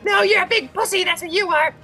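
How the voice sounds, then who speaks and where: A man voicing a cowardly, boastful male kobold in a tabletop game, with a shrill, whiny delivery. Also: fast talker, sharp tone, soft background music, exaggerated voice. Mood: indignant. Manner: shrill, whiny, braggy yelping.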